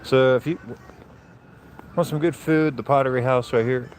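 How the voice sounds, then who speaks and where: A man's voice: medium pitch, fairly even intonation, normal speed. Guy walking around in the snow at night talking to his phone, cold, chatty, bit of noise behind. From Central Florida. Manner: casual, rambling, talks to viewers. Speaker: vlogger. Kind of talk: live walking vlog. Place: outdoors on a snowy, windy night. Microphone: handheld phone.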